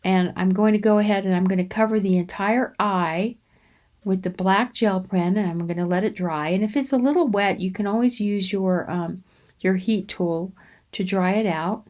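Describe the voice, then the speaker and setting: A woman hosting a crafting channel, talking through a coloring demonstration in an unhurried, rambling way with frequent ums and restarts. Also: medium pitch, a little mellow, muffled recording. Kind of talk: relaxed coloring demonstration voice-over.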